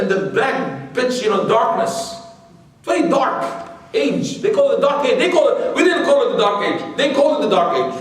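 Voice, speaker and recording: A man with a high voice gives a rambling, conversational religious lecture to a live audience. He keeps asking rhetorical questions and tossing in "you know". He sounds distant in a very echoey hall. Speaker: Islamic lecturer. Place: large room with a live audience. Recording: very echoey hall, mic far off.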